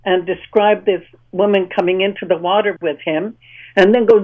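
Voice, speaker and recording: A woman's voice: medium pitch, fairly even intonation, normal speed. A woman guest telling a vivid story on a radio talk show. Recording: tinny phone line.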